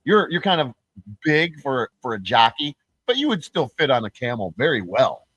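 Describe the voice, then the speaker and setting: A man's voice: medium pitch, big pitch swings, moderate pace, a bit bright, breathy edge, no echo, low-quality recording. A man ranting on his own channel, profane and taunting, mocking the people he calls out. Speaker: YouTuber. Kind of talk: angry ranting vlog.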